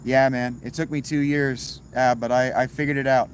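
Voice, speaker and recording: A man hosts a casual livestream and answers his chat in a laid-back, wry way, tossing in the odd curse. His voice sits at an ordinary pitch. Behind him there is a steady hiss with crickets chirping outdoors. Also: moderate pace, rough recording. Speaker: livestream host reading chat.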